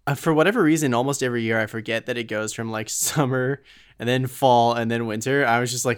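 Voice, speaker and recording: A man's voice: mid-range voice, fairly even intonation, fast, clear, resonant tone. A man in his twenties co-hosting a podcast in casual chat, laughing often and filling his talk with "like". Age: 20s. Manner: chatty, laughing, with many "like" fillers. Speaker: podcast co-host.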